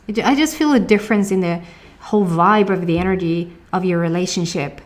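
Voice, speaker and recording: A woman's voice: fairly low pitch, a little fast. A woman with a Swedish accent giving a casual tarot reading, chatty, laughing often and searching for words. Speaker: tarot reader.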